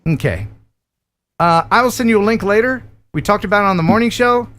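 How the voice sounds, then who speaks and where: A man's voice: high voice, a little fast. A man in his fifties hosting a live drone stream, joking and reading out viewer donations. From United States. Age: 50s. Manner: jokey, animated, reads out viewer donations.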